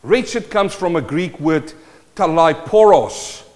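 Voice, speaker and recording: A man preaching a sermon in a South African accent, swinging from loud declaiming to a hushed voice. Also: a little high, expressive, takes it slowly. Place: church hall. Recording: long hall reverb.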